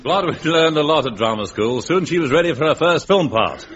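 A man's voice: on the high side, lively intonation, brisk, very noisy. A man narrating a scripted radio comedy with wry, knowing asides. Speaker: narrator and comic lead. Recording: dull radio recording, audience laughter.

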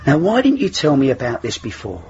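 An actor playing a kindly male schoolteacher who speaks gently and reassuringly. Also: mid-range voice, huge pitch swings, a little fast, vocal fry, muffled recording, a little hiss or hum. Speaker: teacher.

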